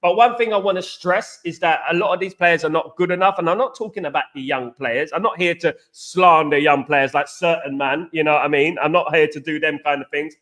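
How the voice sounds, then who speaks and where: English man, young adult, live-stream host, casual chatter to viewers, pitched fairly high. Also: fairly quick, hardly any pauses, a bit bright. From England. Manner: chatty, keeps addressing viewers as guys and mate.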